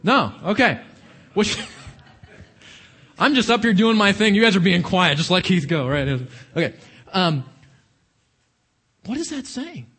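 A man's voice: sits high, sing-song, measured pace, pauses often, bright, forceful tone, breathy edge. A man preaching a sermon, questioning his congregation and stressing his points. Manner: questioning the audience, emphatic.

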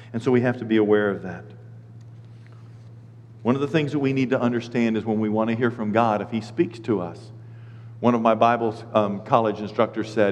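A middle-aged man preaching a sermon as pastor, animated and acting out the voices of people and God. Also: a little high, moderate pace, long reverb tail.

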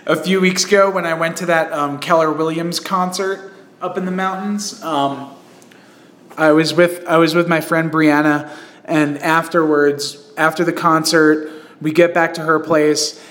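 A man chats casually on a podcast, his voice sitting a little high for a man. He rambles through his stories with plenty of fillers and restarts, laughing as he goes. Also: steady tone, a little slow, a bit bright. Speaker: podcast host. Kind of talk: casual chat.

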